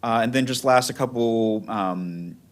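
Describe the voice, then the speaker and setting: A man presenting transportation planning at a public board meeting, explaining things patiently, with halting fillers. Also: mid-range voice, faint music behind.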